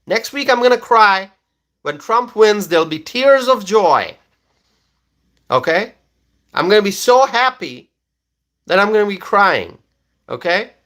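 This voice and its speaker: Bright, high-voiced man giving slow, emphatic commentary. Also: very animated. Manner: emphatic, repeats himself, keeps asking "okay?". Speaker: political livestream host. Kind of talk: livestream commentary reading viewer comments.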